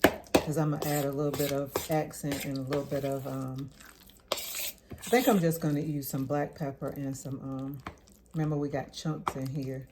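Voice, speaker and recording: A woman, chatting casually as she cooks in her home kitchen and thinking out loud. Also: rumbling low, flat delivery, normal speed. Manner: chatty, thinks aloud, drops to a mutter while working. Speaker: home cook vlogger. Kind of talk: casual cooking vlog chat. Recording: noisy kitchen with clattering dishes. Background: clinking dishes and cutlery.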